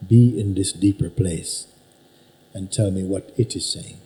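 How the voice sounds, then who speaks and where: A man teaching at a spiritual gathering, unhurried and emphatic, probing his listener with repeated questions. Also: low-pitched, dark tone, rough recording. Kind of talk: satsang teaching talk. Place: teaching hall with an audience.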